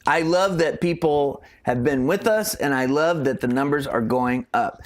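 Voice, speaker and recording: A man's voice: a little high, normal speed. A man co-hosting a loose live-stream chat, his voice sitting a little above the usual male range. He rambles through anecdotes and often trails off before finishing a thought. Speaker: co-host.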